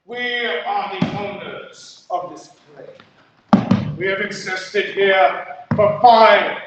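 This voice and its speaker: A man's voice: sits high, very slow, heavy background noise. A man playing the pompous chief of a tiny forest people in improv comedy, speaking in a grand, commanding, formal way. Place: theater stage. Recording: echoey muffled stage from far off.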